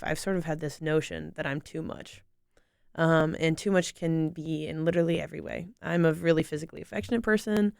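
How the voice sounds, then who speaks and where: A young woman from North Carolina, a student guest on a podcast, talking quickly and softly, reflective and rambling with many fillers. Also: low voice, creaky, clean tone, no echo, clean studio sound. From North Carolina, USA. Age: young adult. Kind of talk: casual interview chat.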